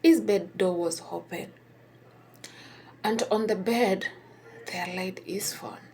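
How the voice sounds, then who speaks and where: A woman whispering a personal story, halting and hesitant with many pauses and restarts. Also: mid-range voice, darkish tone, slight background noise.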